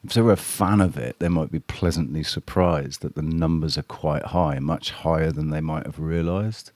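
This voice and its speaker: Low-voiced man rambling on a livestream. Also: moderate pace, darkish tone, no echo. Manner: rambling, blunt, swears freely; addresses chat viewers directly. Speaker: live streamer. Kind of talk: casual livestream chat with viewers.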